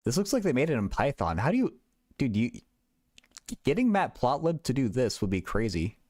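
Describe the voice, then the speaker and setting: A man's voice: medium pitch, very animated, moderate pace, darkish tone, no echo, studio quality. A young man hosting a casual livestream, thinking aloud in a rambling way with many stammered restarts. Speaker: livestream host.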